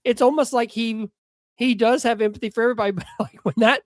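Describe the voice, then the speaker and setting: A man's voice: extremely high pitch, fairly even intonation, fast talker, no room sound, clean studio sound. A man co-hosting a casual movie podcast, talking in a rambling, hesitant way. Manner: rambling, hesitant, lots of fillers. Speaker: podcast co-host. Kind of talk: casual chat.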